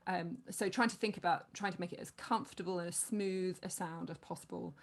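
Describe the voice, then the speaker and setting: A woman's voice: lowish voice, fairly quick. A woman giving practical advice on singing in a chatty, encouraging way. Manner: chatty, encouraging, with many fillers. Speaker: choral singing coach. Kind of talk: online vocal workshop instruction.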